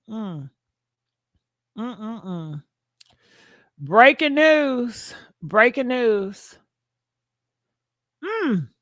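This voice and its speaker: High, dry-voiced woman gossip host. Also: no echo. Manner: animated, blunt, talks back to the viewers. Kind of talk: casual commentary.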